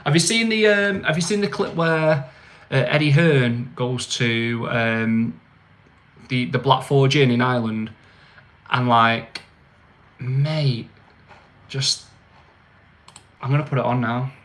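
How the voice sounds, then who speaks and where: A man's voice: mid-range voice, fairly even intonation, takes it slowly, pauses often, a bit bright. A young man with a slangy, mocking manner, chatting casually on his own livestream. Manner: slangy, mocking, laughs often. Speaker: livestream host.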